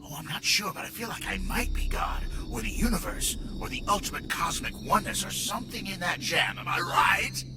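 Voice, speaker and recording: An actor playing a dazed, wildly excitable disembodied brain who swings from whispers to shouts. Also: male voice, high-pitched, a little fast, creaky, hardly any pauses, heavily acted. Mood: giddy. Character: giddy disembodied male brain, cosmic and dazed. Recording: game music playing behind.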